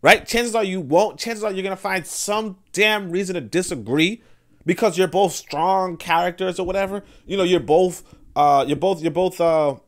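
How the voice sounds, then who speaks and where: A man with a slightly raised pitch hosts a podcast in an unscripted monologue. He rambles, restarts his sentences, and fills gaps with "you know" as he talks. He slips into quick voiced-out quotes of other people. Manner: rambling, full of fillers and restarts; acts out others' words in quoted asides. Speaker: podcast host. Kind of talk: casual monologue commentary.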